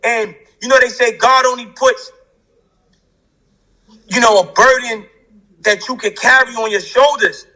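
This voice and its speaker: A man with a New York accent, an interview guest telling an emotional personal story in animated, slangy and profane speech. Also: extremely high pitch, a little slow, pauses often, rough recording.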